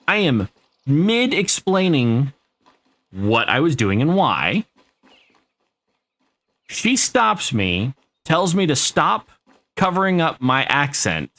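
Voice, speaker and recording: A man's voice: on the high side, bright, forceful tone. An American man chatting casually on a live stream while playing a game, rambling through an anecdote and swearing freely. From United States.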